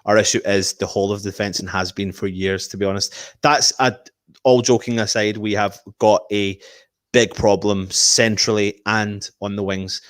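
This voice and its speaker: A man's voice: fairly low pitch, moderate pace, dry recording, clean studio sound. A man hosting a casual fan live stream, reading viewer comments and making match predictions. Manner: animated, reads out viewer comments.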